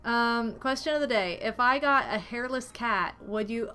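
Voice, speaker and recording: Young adult woman, casual streamer, a little high-pitched, giggly and animated, given to cooing baby talk. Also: moderate pace, few pauses, smooth. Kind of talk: casual livestream chat. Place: her apartment.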